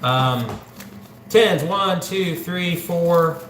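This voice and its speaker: A man's voice: fairly high pitch, very slow, fairly bright tone, slight background noise. A man from central Ohio hosting a casual livestream, chatting and joking while he counts money aloud. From central Ohio, USA. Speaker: livestreaming channel host. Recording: echoey room with faint background ambience.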